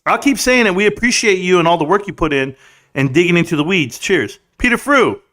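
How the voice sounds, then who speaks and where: A young man runs a casual livestream chat, his voice sitting a bit higher than most men's. He jokes crudely, laughs a lot and keeps calling everyone bro. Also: expressive, a little fast, a bit bright. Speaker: livestream host.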